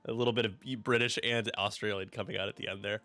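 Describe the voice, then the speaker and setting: A man's voice: lowish voice, fairly even intonation, fast talker, pushed and bright, no echo. A young man casting a tabletop game match in a casual, joking way, laughing often and rattling off upgrade lists. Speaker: game commentator.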